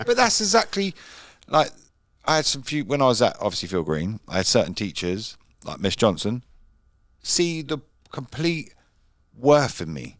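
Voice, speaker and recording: A man's voice: medium pitch, huge pitch swings, moderate pace, dry recording. A man in casual podcast chat, blunt and streetwise, swearing freely.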